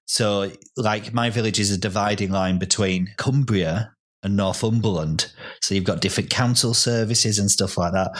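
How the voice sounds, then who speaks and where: A man's voice: on the low side, normal speed, a bit bright. A man co-hosting a podcast, chatting casually and rambling with lots of filler words. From Bradford, England. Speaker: podcast co-host. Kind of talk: casual chat.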